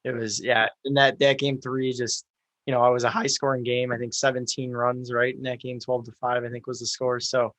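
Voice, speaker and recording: A young man as a podcast guest in casual chat, agreeable and steady, with many fillers. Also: mid-range voice, a little fast, no room sound.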